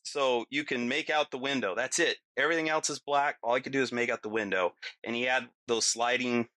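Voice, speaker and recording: A man's voice: medium pitch, fairly even intonation, brisk, dry recording. A middle-aged man, a podcast guest, telling a vivid story casually with lots of fillers. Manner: vivid, lots of fillers, acts out his own yelling.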